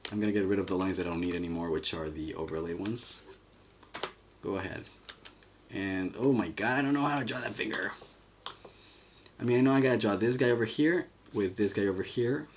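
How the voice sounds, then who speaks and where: With a fairly low pitch, this man speaks briskly but leaves long pauses while he livestreams his animation, drawing, reading chat, and musing aloud casually. A little hiss or hum can be heard.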